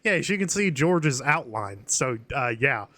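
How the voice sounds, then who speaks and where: A man casually commentating his gameplay with sarcastic jokes, swearing and quick asides. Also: mid-range voice, very animated, pushed and bright. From not New York. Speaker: gamer commentating a let's play.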